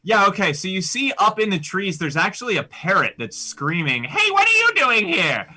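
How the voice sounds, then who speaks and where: A man playing a relaxed game master who asks for dice rolls, hesitating with lots of "uh.". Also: high-pitched, moderate pace, slight background noise, pitched above the performer's own voice, full character voice. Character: casual male tabletop game master.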